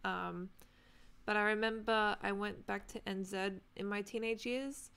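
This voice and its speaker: Chatty Australian woman with light vocal fry. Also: medium pitch, steady tone, unhurried, fairly bright tone. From New Zealand, raised in Australia. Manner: chatty, greets viewers by name. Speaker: gaming streamer. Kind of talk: casual live-stream chat.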